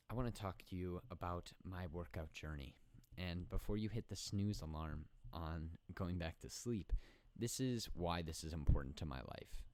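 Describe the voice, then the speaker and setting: A young man hosts a casual solo podcast, rambling and poking fun at himself. His voice is very low and the sound is dry and close to the microphone. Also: warm tone, no room sound. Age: young adult. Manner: rambling and self-joking, with many restarts. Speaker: podcast host. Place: indoor room at home at night.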